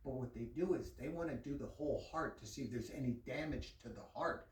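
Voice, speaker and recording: A man's voice: mid-range voice, quick pace, reverberant, distant mic. A man telling a long personal story in casual, profane talk, laughing as he goes.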